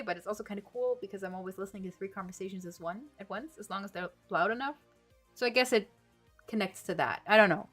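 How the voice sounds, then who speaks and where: A woman's voice: mid-range voice, fairly bright tone. A woman, a language-learning streamer, chatting casually on a livestream as she reads and answers viewer comments, laughing often and switching between English and German.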